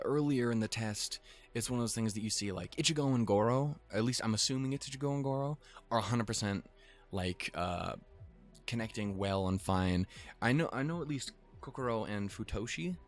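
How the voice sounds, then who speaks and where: A man's voice: on the low side, a little fast, faint music behind. A man casually recapping an anime episode, rambling and swearing freely with chuckling asides. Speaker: anime reviewer.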